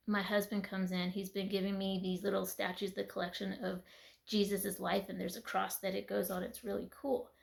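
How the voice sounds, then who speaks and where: A woman speaking in a conversational, earnest way as she shares a personal faith testimony. Her voice has a gravelly edge. She sounds tired and teary, sometimes dropping into a whisper. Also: mid-range voice. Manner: earnest, conversational, with soft laughs and trailing whispers.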